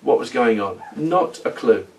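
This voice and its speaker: A middle-aged man telling his story in a rambling, halting role-play monologue. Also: mid-range voice, animated, a little mellow, far from the mic. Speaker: former oil company manager in a role-play.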